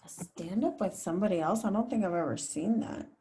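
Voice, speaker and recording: A woman's voice: mid-range voice, fairly quick, dark tone. A woman TV news reporter speaking as a guest, giving candid, chatty advice to students over a video call, with many fillers. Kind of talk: casual advice talk to students.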